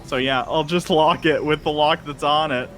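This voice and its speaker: A man's voice: a little high, steady tone, a bit bright, slight background noise. A man playing in a tabletop game, casually declaring what his character does. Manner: quick, casual, declaring actions. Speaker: player.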